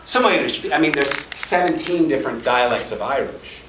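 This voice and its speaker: A fan's camera in a large convention panel room picks up, from a distance, a Chicago man with a mid-range voice speaking at a moderate pace. Animated and joking, he demonstrates sounds and handles audience questions at a voice-acting panel, with hall echo and background noise in the recording.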